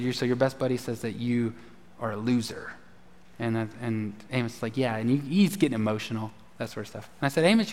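A male pastor delivers a conversational, folksy sermon full of asides. His voice sits a little high for a man. The long reverb of a large church hall rings around his words.

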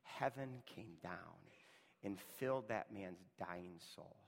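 A pastor preaching a sermon, rising to loud emphatic lines and dropping to a hushed near-whisper. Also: male voice, low voice, takes it slowly, gravelly, big-room sound.

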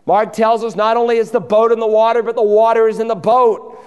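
A man's voice: extremely high pitch, level tone, brisk, clean tone, big-room sound, dull audio. A man preaching a sermon from a church pulpit, driving his points home and acting out the voices in the stories he tells. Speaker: pastor. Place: church sanctuary.

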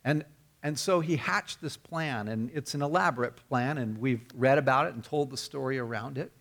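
Gravelly-voiced man preaching a sermon. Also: mid-range voice, moderate pace, a bit bright. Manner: earnest storytelling with repeated words and restarts. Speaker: pastor.

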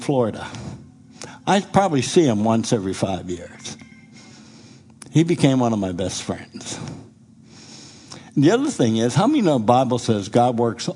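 A middle-aged man with a husky voice tells his testimony from the pulpit like a storyteller. His pitch swings up and down as he acts out the people in his story. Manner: animated storyteller who acts out quoted speech. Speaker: preacher giving a testimony.

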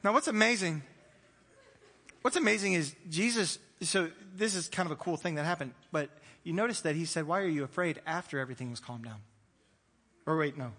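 A man preaching a sermon, animated and playful, acting out the voices of the disciples. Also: a little high, fairly quick. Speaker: pastor. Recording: long hall reverb.

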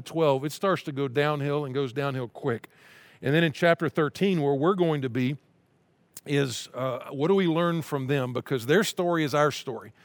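A man's voice: a little high, no room sound. A man preaching a sermon in a conversational, emphatic way, often repeating his key phrases. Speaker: pastor.

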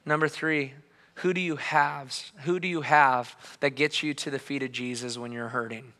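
A man in his thirties preaching a sermon as a pastor, telling his story passionately, dropping quiet and then rising loud. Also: medium pitch, fairly even intonation, moderate pace, long reverb tail. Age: 30s. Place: church hall.

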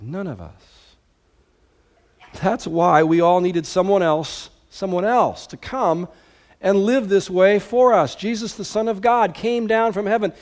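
A man's voice: high-pitched, a little mellow. A man preaching a sermon as pastor, emphatic and with conversational asides.

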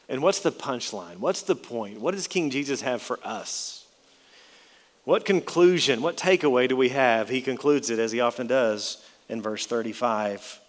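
A man's voice: medium pitch, big-room sound. A man preaching an expository sermon, emphatic, with his voice rising and dropping for effect.

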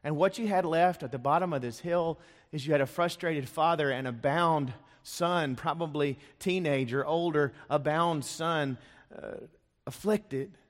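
A man's voice: a little high, a little slow. A man preaching a sermon as a pastor, telling the story dramatically and acting out the voices of the people in it. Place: church sanctuary. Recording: long reverb of a church hall.

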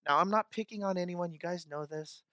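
A male pastor preaching a sermon, repeating key phrases for emphasis and swinging between soft, quiet passages and loud, urgent ones. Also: high-pitched, brisk, no echo.

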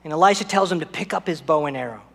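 A man's voice: on the high side, very fast, vocal fry, big-room sound. A man preaching a sermon as pastor, telling a personal story and speaking directly to the congregation.

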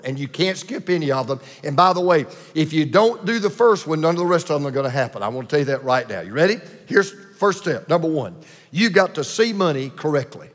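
A man preaching a sermon with emphatic repetition and dramatic pauses. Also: a little high, fairly bright tone, big-room sound. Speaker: pastor.

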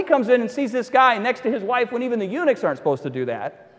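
A man with a high voice preaches a sermon, retelling an old story with lively delivery, playing out each character and slipping in dry asides. His voice rings with the long reverb of a large hall. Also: fast. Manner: animated storytelling, acting out the characters and adding wry asides. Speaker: pastor.

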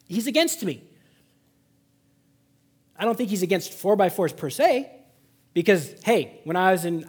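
Pastor guy giving a sermon, kinda husky, high voice, gets loud then drops real quiet. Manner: swings from loud exhortation to hushed, intimate emphasis. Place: church service.

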